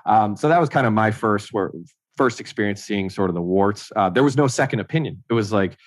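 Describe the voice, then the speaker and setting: A man's voice: lowish voice, expressive, a little fast, no echo. A man, a guest telling personal stories in a casual way, often acting out what others said. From Ontario, Canada. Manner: conversational, acts out others' lines, frequent "like". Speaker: interview guest.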